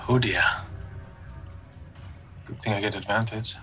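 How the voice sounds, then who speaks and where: A man playing a tabletop game, reacting with animated jokes. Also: fairly low pitch, unhurried, dull audio, soft background music. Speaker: player.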